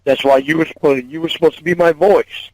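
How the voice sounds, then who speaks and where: A man's voice: on the high side, steady tone, brisk, darkish tone, dry recording. A man on a phone call, agitated, swearing often and repeating himself.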